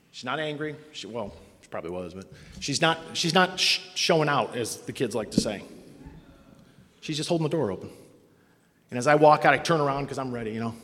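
A middle-aged man gives a personal testimony at a meeting, recounting his own recovery candidly and with self-mockery. His mid-range voice is a bit bright, and a long hall reverb colors the recording.

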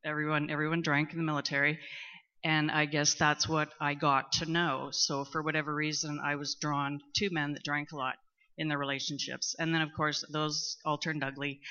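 A middle-aged woman, speaking candidly in a personal testimony at a recovery meeting, talkative and at times loud and boisterous. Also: low-pitched. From Canada. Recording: muffled lo-fi recording.

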